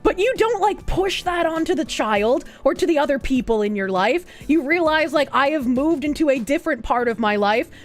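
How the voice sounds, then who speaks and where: Very high-voiced ranting woman streamer. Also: animated, moderate pace, few pauses, soft background music. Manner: loud, profane and ranting, laughing often. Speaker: streamer reacting to a movie. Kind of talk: casual live-stream commentary.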